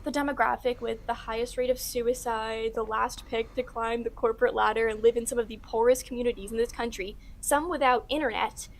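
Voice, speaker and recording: A woman delivering an opinionated commentary in a brisk, assertive and dismissive manner. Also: a little high, fairly even intonation, gravelly. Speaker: video commentator.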